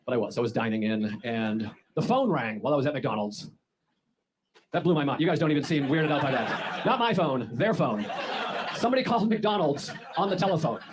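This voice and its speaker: A man's voice: medium pitch, lively intonation, a little fast. A man from the United States doing a stand-up comedy set on stage with a handheld mic, telling exasperated, sarcastic stories. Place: comedy club stage before a laughing audience. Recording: live audience noise throughout.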